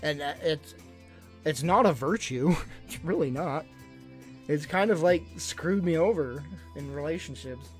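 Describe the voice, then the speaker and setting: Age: adult. Sex: man. Pitch: fairly high. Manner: blunt, rambling storyteller. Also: expressive, unhurried, faint music behind. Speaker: livestreamer. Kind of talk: casual chat to a live stream audience.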